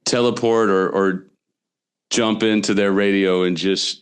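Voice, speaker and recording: A man with a low, resonant voice hosts a podcast interview. He talks in a casual, emphatic way, leaning into his points with slangy warmth. His tone is clear and smooth throughout. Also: steady tone, unhurried. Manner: casual, emphatic, says "dude". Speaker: podcast host.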